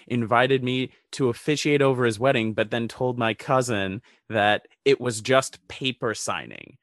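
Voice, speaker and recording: A man's voice: medium pitch, fairly bright tone, dry recording. A man chatting casually with friends, telling a story with dry, teasing humor. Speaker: podcast co-host. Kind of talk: casual chat.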